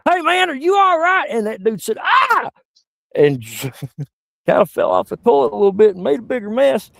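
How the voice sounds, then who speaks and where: A middle-aged comedian with a gravelly, rough voice, spinning crude rambling stories. The sound is dry and close, with no room around him. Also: male voice, a little mellow, dry recording. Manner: crude, rambling anecdotes with sudden high-pitched outbursts. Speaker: stand-up comedian. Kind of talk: stand-up storytelling.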